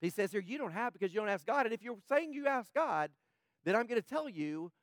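A man preaching a sermon as pastor, impassioned, swinging between loud urgent passages and hushed ones. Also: high voice, lively intonation, a little fast, no room sound, clean studio sound.

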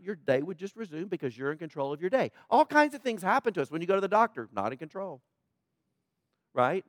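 A man with a high voice gives a sermon as a pastor, talking to the congregation in an easy conversational way. He often checks in with them and lifts his voice when he quotes a prayer. The sound is close and dry. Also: no echo. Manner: conversational preaching, often asks "right?"; dramatic quoting of prayer in a raised voice.

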